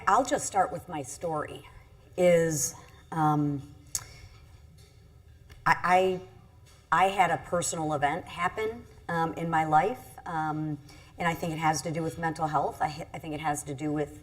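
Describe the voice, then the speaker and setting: Woman, middle-aged politician, lowish voice, earnest halting storyteller at a panel event. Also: slightly rough. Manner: earnest, halting, many restarts. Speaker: congresswoman on a panel. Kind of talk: personal story at a panel discussion. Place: event stage.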